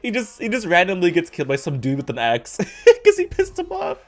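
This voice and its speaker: A man's voice: high voice, wildly swooping pitch, fairly quick. A young man hosting a casual movie review chat, rambling and swearing, laughing often between remarks. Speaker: video host.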